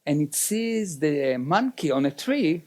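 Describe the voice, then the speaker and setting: High-voiced man giving a motivational seminar. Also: very animated, a little slow, a little mellow. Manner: direct, checks in with the audience. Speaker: seminar speaker.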